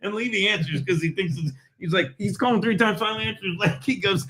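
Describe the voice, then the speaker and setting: A man's voice: sits high, expressive, bright, forceful tone. A man co-hosting a podcast, telling stories in casual chat and laughing through them. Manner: laughs through his stories, quick jokey banter. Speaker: podcast co-host.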